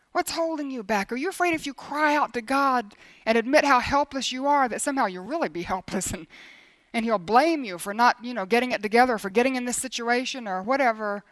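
A middle-aged woman with a high voice preaches a sermon with earnest conviction. She swings between emphatic declarations and hushed near-whispers and often repeats a phrase for emphasis. The sound is close and dry. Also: dry recording.

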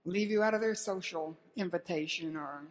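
A woman's voice: lowish voice, normal speed. A woman preaching a sermon in an earnest way, asking her listeners pointed questions and retelling scenes dramatically.

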